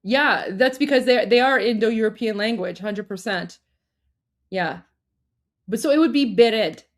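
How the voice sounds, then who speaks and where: A woman's voice: a little high, a little slow. A woman co-hosting a livestream, chatting casually with lots of fillers and restarts and frequent laughter. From Iran. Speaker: livestream co-host.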